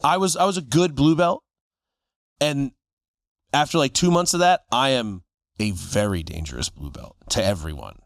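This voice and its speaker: Man in his forties, podcast co-host, lively storyteller, mid pitch, dry close mic. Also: normal speed, no echo. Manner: animated storyteller acting out quoted voices. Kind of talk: casual storytelling chat.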